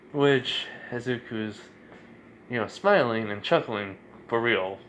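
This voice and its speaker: A man's voice: fairly low pitch, expressive, a little slow, a bit bright, slight background noise. A man casually narrating an improvised fan story, rambling with fillers and self-corrections.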